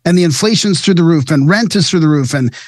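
Emphatic Canadian man, higher voice, dry sound. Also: lively intonation, fast, a little mellow, no echo. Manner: emphatic, repetitive, swears when worked up. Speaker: podcast host. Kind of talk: casual panel chat.

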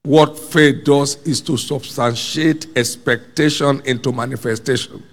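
A man's voice: mid-range voice, fairly even intonation, a little slow, long reverb tail. A man preaching a sermon with emphasis, repeating his key phrases and calling on the congregation to answer.

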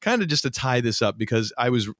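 A man co-hosting a podcast, talking casually and ranting with animated restarts and mock voices. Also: medium pitch, fast talker, no room sound, clean studio sound. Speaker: podcast co-host. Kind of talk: casual chat.

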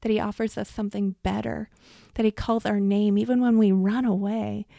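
A woman's voice: medium pitch, level tone, normal speed, vocal fry, dark tone, no room sound, clean studio sound. A woman podcast host speaking enthusiastically and emotionally, retelling a scene and asking her guest questions. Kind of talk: casual podcast conversation.

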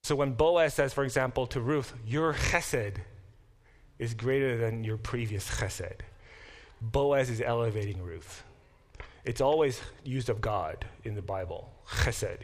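A middle-aged man teaching a Bible class to students, thinking aloud with quick restarts and questions to the room. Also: medium pitch, a bit bright. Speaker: Bible professor. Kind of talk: classroom lecture.

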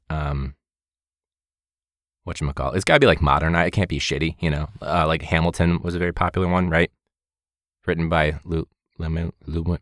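Deep voiced teacher guy riffing casually, jokey and rambly, swears a lot, dry close mic. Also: no room sound. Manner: rambling, joking, swears often. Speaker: teacher and podcast host. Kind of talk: casual comedic monologue.

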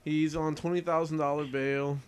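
A laid-back man tells a story in a casual podcast chat. He hesitates and trails off mid-sentence. His voice sits a little high for a man. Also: little pitch movement, normal speed, clear, resonant tone.

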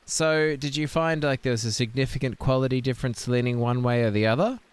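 A young man hosts an improvised comedy podcast in a mock-serious tone. He rambles and hesitates, often trailing off mid-thought. His voice sits at a middling pitch. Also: brisk, slight background noise. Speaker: podcast host.

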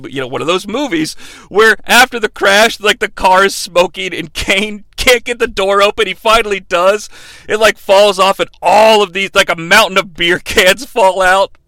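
A man's voice: high voice, sharp tone, dry recording. A man hosting a wrestling podcast, joking casually and mimicking the people he talks about. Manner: jokey, mock-impressions of wrestlers. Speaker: podcast host.

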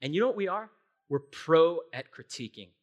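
A young adult man preaching a sermon in a conversational, animated way, often checking in with his listeners. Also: fairly high pitch, normal speed. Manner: conversational, animated, frequent tag questions. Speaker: pastor.

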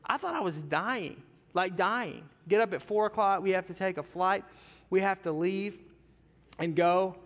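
A man's voice: high-pitched, moderate pace, vocal fry, fairly bright tone. A pastor telling a humorous story in a sermon, talking animatedly and directly with his congregation in a church sanctuary. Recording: long hall reverb from a large church.

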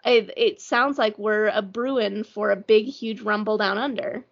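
A woman's voice: medium pitch, steady tone, unhurried, vocal fry. A woman co-hosting a casual book chat, rambling with lots of "like" and anxious humor. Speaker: book podcast co-host. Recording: dull lo-fi sound.

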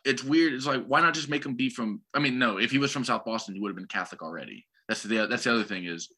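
A man's voice: mid-range voice, fast, sharp tone, slightly rough. A man co-hosting a casual podcast about movie trailers, talking in a rambling, sardonic and opinionated way. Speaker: podcast co-host.

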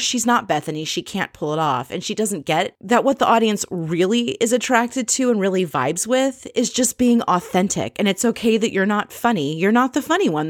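A woman's voice: mid-range voice, no echo, clean studio sound. A woman recapping a reality TV episode in a chatty, opinionated and snarky way. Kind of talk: casual recap commentary.

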